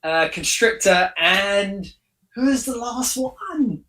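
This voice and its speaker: Slow, hesitant co-host man. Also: sits high, lively intonation, bright, forceful tone. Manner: slow, hesitant, lots of ums. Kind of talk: casual live-stream chat.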